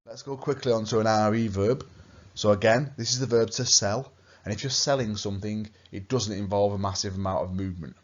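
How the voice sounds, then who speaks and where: A man's voice: fairly low pitch, brisk. A man teaching a recorded language lesson, patient and repeating key points for emphasis. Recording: dull lo-fi recording.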